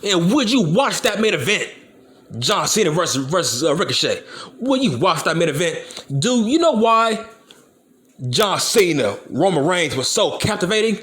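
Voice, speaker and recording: A man's voice: sits high, very animated, moderate pace, a bit bright. A young man from Compton, hosting his channel and ranting bluntly and profanely about wrestling. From Compton, California. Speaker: channel host. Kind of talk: ranting commentary video.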